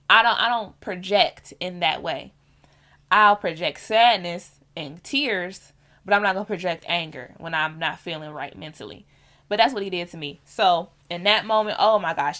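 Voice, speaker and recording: A young adult woman telling a personal story on her vlog, candid and animated, in casual slang. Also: on the low side. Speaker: vlogger.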